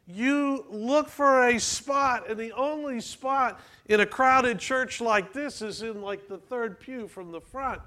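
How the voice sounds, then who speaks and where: A man's voice: extremely high pitch, slow, hardly any pauses, pushed and bright. A man preaching a sermon in a church, talking conversationally and asking the congregation questions. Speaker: pastor.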